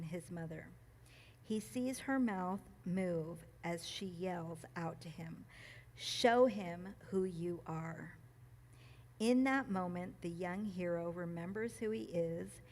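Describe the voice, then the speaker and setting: A woman speaking at a church gathering, reading a passage and reflecting on it, emotional and quick to laugh, with many ums and restarts. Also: mid-range voice, a little hiss or hum. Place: church meeting room.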